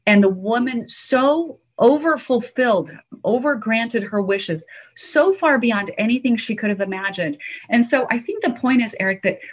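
A woman's voice: a little high, normal speed. A woman, a guest author, telling an anecdote in an interview and acting out the quotes with animation. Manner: animated storyteller who acts out quotes. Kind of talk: storytelling in interview. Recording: dull lo-fi audio.

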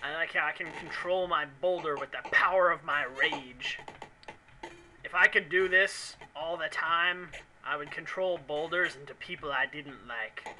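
A man's voice: fairly high pitch, a little slow, sharp tone, slight background noise, poor audio. A man commenting on a video game he is playing, in rambling, mock-angry, jokey rants. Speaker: let's play commentator.

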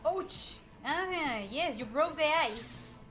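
High-voiced excitable woman gamer. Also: slow pace. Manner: excitable, talks to enemies, repeats herself when frustrated. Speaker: gameplay streamer. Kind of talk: live gameplay commentary. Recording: faint game music behind.

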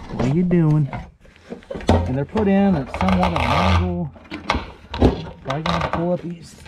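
Man, casual repair tutorial, mutters at stubborn parts, garage, loud clicks and clatter behind. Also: a little high. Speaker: garage DIY host. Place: garage, working on a car. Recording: clanking workshop noise behind.

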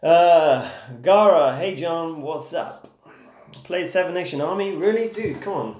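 Here a man from England with a voice on the high side talks at a measured pace while teaching guitar on a live stream. His tone is easygoing and encouraging; he checks in with "okay?" and uses "dude" and "man" for viewers. The room echoes and guitar plays.

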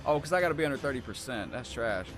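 An excitable man hosts a gaming livestream and chats casually over the gameplay. His pitch swings widely, and he keeps greeting viewers by name. Game music plays clearly behind him. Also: very fast. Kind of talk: casual live-stream chat over gameplay.

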